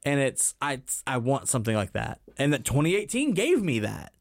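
A man's voice: mid-range voice, wildly swooping pitch, moderate pace, vocal fry, no room sound, clean studio sound. A man co-hosting a casual movie podcast, blunt and emphatic, swearing often as he gives his opinions. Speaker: podcast co-host. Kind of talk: casual movie review chat.

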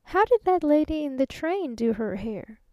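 Chatty, earnest middle-aged salesman, folksy, high and dry, read by a woman. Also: very animated, normal speed, a little mellow, no echo.

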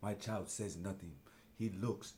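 A man voicing a captured tribesman who speaks broken English, low and grim at first, then shouting. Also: fairly even intonation, measured pace, slight background noise. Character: captured tribesman, grim and defiant, heavily accented.

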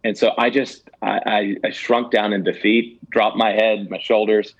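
A man's voice: on the low side, little pitch movement, normal speed, slightly rough, lo-fi sound. A man giving candid personal testimony as an interview guest, earnest and self-deprecating, with some stammered restarts. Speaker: guest telling a ministry story.

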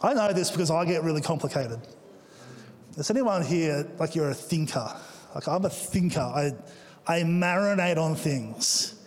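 A man's voice: a little high, normal speed. A man preaching a sermon as pastor, playful, with joking asides to the congregation. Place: church auditorium. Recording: long hall reverb.

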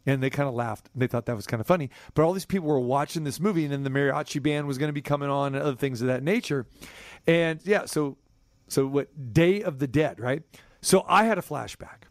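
A middle-aged man hosting a sports radio show, telling a rambling story with animated swings between high and low. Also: brisk, no echo. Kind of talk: casual sports talk chat.

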